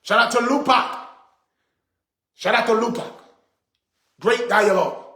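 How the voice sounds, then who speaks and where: In an echoey room, an indignant middle-aged vlogger preaches to camera at a measured pace, going back over his points to drive them in. His very high voice sounds pushed and bright.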